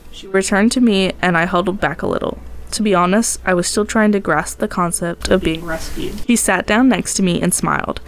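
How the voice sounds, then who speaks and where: A woman's voice: fairly low pitch, a little fast, few pauses, slight background noise. A woman podcast host narrating a tense first-person tale in a dramatic storytelling manner.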